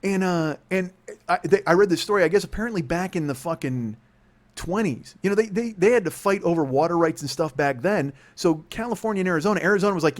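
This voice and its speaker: A man's voice: on the high side, expressive, quick pace. A man in his forties hosting a comedy podcast, ranting in a rambling, profane way and laughing through his own bits. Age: 40s. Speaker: podcast host.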